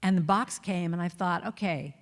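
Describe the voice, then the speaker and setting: Woman, guest speaker, lively self-mocking storyteller, middle pitch, long reverb of a church hall. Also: moderate pace. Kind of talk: storytelling talk to a congregation.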